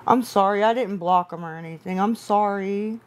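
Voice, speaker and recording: A woman's voice: mid-range voice, normal speed. A woman hosting a late-night live stream, answering viewer comments in a weary, apologetic way while tired and upset. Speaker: livestream host.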